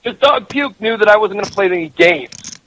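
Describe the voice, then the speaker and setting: A man's voice: high voice, fairly quick, sharp tone, a little hiss or hum, low-quality recording. A middle-aged man calling in as a professional gambler, telling a heated story with lots of swearing and repeated words. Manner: profane, emphatic, repeats himself. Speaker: guest caller, professional gambler. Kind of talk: heated storytelling on a call-in show.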